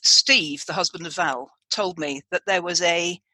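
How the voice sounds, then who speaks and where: A woman's voice: lowish voice, measured pace, pushed and bright, no room sound. A woman hosting a podcast in casual chat, rambling along with restarts and asides. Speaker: podcast host.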